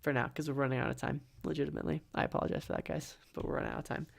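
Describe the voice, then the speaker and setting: A man's voice: a little high, level tone, racing, gravelly. A man hosting a casual podcast and narrating an improvised story, rambling and correcting himself as he goes. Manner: rambling, self-correcting, easily flustered. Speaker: podcast host and game master.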